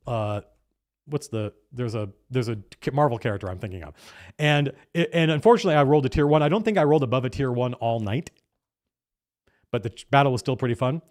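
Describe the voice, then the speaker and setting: A middle-aged man, a game master, excitedly telling how a tabletop session went, in a casual, animated monologue full of restarts. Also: medium pitch. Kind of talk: casual campaign diary monologue.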